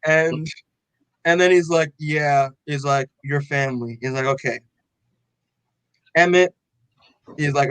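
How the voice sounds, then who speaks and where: A young man co-hosting a podcast, excitedly recapping a comic in loose casual chat, full of "like" and swearing, acting out the characters' lines. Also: fairly high pitch, unhurried, pauses often, smooth, no room sound, poor audio. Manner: excited, loose, heavy on "like" and swearing, acts out quotes. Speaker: podcast co-host.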